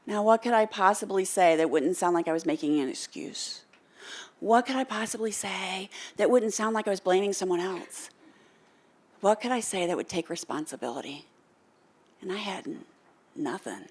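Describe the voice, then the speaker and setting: A woman's voice: mid-range voice, normal speed. An American woman giving a motivational keynote speech on stage, telling a story and acting out the lines of the people in it while calling on the audience to answer her. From United States. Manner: animated, calls for audience responses; storytelling, acts out quoted lines. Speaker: motivational speaker. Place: stage before a live audience.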